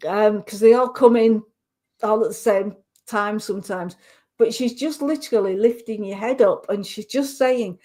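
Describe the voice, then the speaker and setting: A woman giving a psychic reading to a caller on a radio show, talking haltingly with many restarts and fillers. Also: medium pitch, warm tone.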